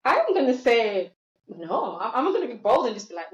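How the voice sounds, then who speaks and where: A woman's voice: fairly high pitch, sing-song, moderate pace. A woman talking in a thoughtful, hesitant way in casual podcast chat. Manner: thoughtful, hesitant, with many fillers. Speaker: podcast host. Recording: echoey, dull sound.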